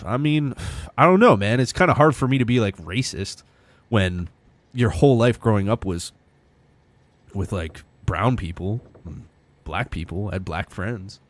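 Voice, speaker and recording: A young man streaming a game live, chatting loosely and excitably with viewers. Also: on the low side, normal speed. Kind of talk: casual live-stream chat.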